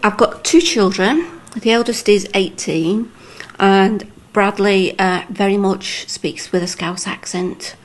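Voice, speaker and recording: A woman's voice: medium pitch, takes it slowly. A woman in her forties from Lancashire, with a Lancashire accent touched by Liverpool, speaking frankly in a casual interview and laughing easily. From Lancashire, England. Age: 40s. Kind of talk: casual chat.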